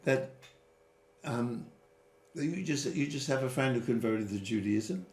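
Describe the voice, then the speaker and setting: A man giving interview answers as a storyteller, animated, with sudden rises in pitch and quick asides. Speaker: guest. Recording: roomy echo.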